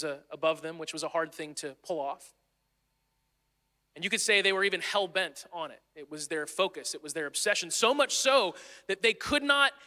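A man's voice: sits high, pushed and bright. A man preaching a sermon in an earnest, conversational way, sometimes restarting his phrases. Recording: long hall reverb.

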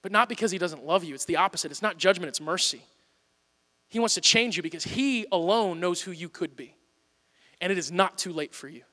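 Pastor, male, high bright voice, earnest sermon delivery, long hall reverb. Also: fairly quick. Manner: earnest, swings from loud urging to soft pleading. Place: church auditorium.

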